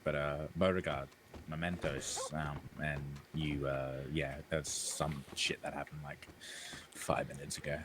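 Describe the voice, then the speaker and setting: Deep-voiced hyper man with a noisy mic. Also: level tone, measured pace. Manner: hyper, giggly, sings and breaks into silly voices. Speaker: roleplayer. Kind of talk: casual in-character roleplay chat.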